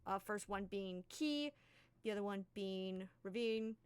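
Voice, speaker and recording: A woman's voice: medium pitch, smooth. Woman narrating as game master. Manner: casual, halting narration with fillers.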